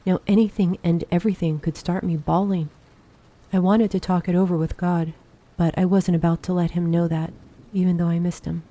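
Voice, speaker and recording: A woman reading an audiobook aloud in calm, steady narration meant for sleep. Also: on the low side. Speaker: audiobook reader.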